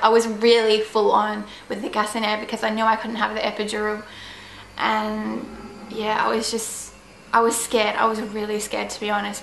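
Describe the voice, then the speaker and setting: A woman's voice: on the high side, gravelly, fairly bright tone. A young woman vlogging, telling a personal story in a chatty, meandering way. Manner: chatty, meandering, full of "like" and "you know". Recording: echoey room with faint ambient noise.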